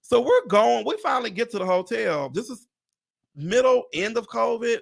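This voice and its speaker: A man in his forties hosts a casual live chat, swinging his voice high and low with a gravelly edge. He tells stories with big animated energy and leaps into squeaky voices to quote people. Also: moderate pace. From Pontiac, Michigan. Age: 40s. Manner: animated storyteller, jumps into high voices when quoting people. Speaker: host.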